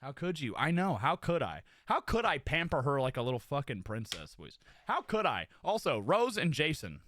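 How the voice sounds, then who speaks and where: A young man streaming live, chatting casually with his viewers and giving them loud, profane, hyped-up shout-outs. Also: on the high side, very animated, moderate pace, a little hiss or hum.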